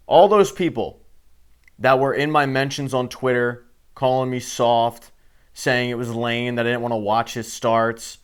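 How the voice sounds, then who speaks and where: A man hosting a sports show, ranting with heated, sarcastic and profane commentary. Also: mid-range voice.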